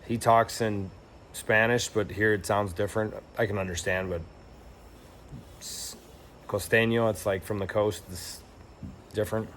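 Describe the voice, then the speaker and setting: A man's voice: lowish voice, fairly even intonation, unhurried, pauses often, fairly bright tone, slight background noise. A young man telling a travel story in a casual, rambling and reflective way, with lots of fillers and restarts. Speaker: travel vlogger.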